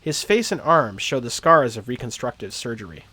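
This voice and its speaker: A man's voice: mid-range voice, big pitch swings, normal speed, pushed and bright, slightly rough, dry recording. A man streaming a game live, reading its text aloud and chatting about his choices.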